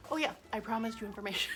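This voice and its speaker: A woman's voice: on the high side, sharp tone. A woman hosting a casual cooking vlog in her home kitchen, chatty and self-mocking, laughing often. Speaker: cooking show host.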